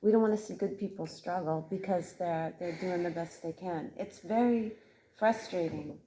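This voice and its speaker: A woman co-hosting a podcast who answers calmly and reassuringly, repeating her phrases. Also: fairly low pitch, moderate pace, a little hiss or hum, rough recording. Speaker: podcast co-host. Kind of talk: casual conversation.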